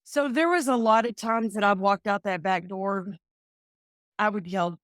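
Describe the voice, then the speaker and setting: インタビューで自分の体験を心を込めて語る五十代の女性。会話の場面を再現しながら話し、声は中くらいの高さで、響きのないドライな録音。. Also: female voice, mid-range voice, a little slow, a bit bright, no room sound, studio quality. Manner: heartfelt, acts out remembered dialogue. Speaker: real estate agent, guest. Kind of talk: emotional personal storytelling in an interview.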